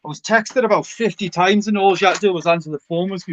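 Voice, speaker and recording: A man's voice: sits high, fast, a bit bright, highs cut off, a little hiss or hum. A man telling a sweary anecdote in casual chat.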